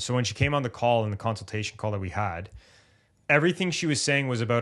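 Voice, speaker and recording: Man, podcast co-host, casual chat, animated, acts out athletes' thoughts, mid-pitched voice. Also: fast talker. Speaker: podcast co-host and injury recovery coach.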